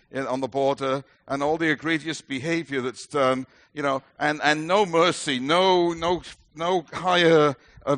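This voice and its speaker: A middle-aged British minister delivers a sermon in a fairly high, earnest voice, leaning hard on key words and poking gentle fun at himself. The sound is dry and close, with no room around it. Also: male voice, no echo. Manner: earnest, emphatic, with light self-deprecating humor.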